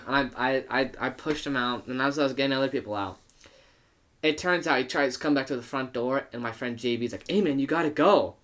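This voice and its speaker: A young man, a podcast guest, telling a party story in casual chat, swearing and acting out quotes. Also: fairly quick. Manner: animated, profane, acts out quotes with big pitch jumps.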